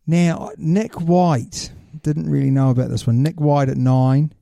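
A man with a very dark, mellow voice co-hosts a casual podcast chat. He explains at length and lays out questions for his co-host. The sound is dry and close. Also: a little high, steady tone, measured pace, creaky, no room sound.

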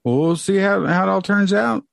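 A man co-hosting a casual motorsport chat, talking in halting stretches and restarting often. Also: sits high, vocal fry, dry recording. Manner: halting, restarts often, plugs his website. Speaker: motorsport podcast co-host. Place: home, with dogs.

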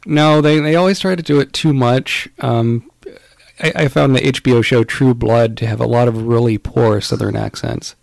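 A man's voice: medium pitch, steady tone, normal speed, vocal fry, no room sound. A man co-hosting a podcast in casual chat, rambling with many fillers. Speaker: podcast co-host.

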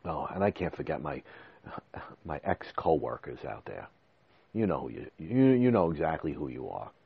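A man's voice: very deep voice, very animated, moderate pace, creaky, slightly rough, no room sound, narrow, tinny audio. A man in his forties hosting a podcast, talking to listeners in an emotional, rambling way and restarting his words. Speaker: podcast host. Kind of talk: casual monologue. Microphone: desk microphone.

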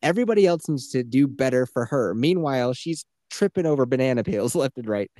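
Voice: medium pitch, lively intonation, a little fast, dark tone, dry recording, clean studio sound. Blunt, profane podcast co-host. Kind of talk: casual podcast chat.

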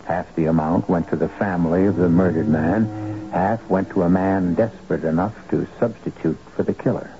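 Deep, gravelly radio drama narrator. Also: male voice, fairly even intonation, background noise. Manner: grave, measured. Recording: dull lo-fi old radio with music.

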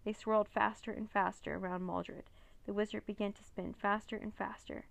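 A woman narrating a children's chapter book in a steady, plain reading voice on a close mic. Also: mid-range voice, moderate pace, gravelly, no room sound. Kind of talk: storybook read-aloud.

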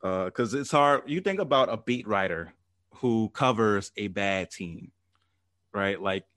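A man hosting a sports and pop culture podcast in a relaxed, chatty way, laughing often. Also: lowish voice, measured pace, dry recording, clean studio sound. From Arizona. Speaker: podcast host. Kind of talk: casual sports podcast chat.

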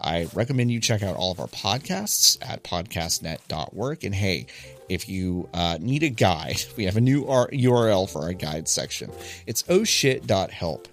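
A man's voice: low-pitched, moderate pace, soft background music. A man hosting a casual podcast, chatting through news with lots of fillers and restarts. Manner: chatty, frequent filler words and restarts, lively emphasis. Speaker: podcast host.

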